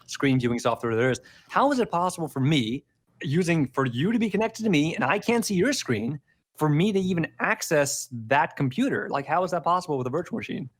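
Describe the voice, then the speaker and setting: A man co-hosting a tech podcast, telling stories in a rambling, casual chat and laughing easily. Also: fairly high pitch. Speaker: podcast co-host.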